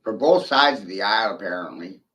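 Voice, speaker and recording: A man's voice: fairly low pitch, animated, a little fast, fairly bright tone. A man giving an angry, profane monologue, swearing often and taunting his silent listeners.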